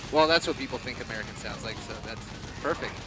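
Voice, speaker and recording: A man's voice: mid-range voice, fast. A man co-hosting a live stream, chatting in a laid-back way and laughing easily. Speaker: stream co-host. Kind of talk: casual chat.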